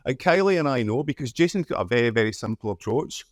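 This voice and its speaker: A middle-aged man from Scotland, with a Scottish accent, gives a conference talk, telling stories in a chatty, humorous way and often tagging his lines with "okay?". His mid-range voice is expressive and fast, with hardly any pauses, recorded at studio quality with no room sound.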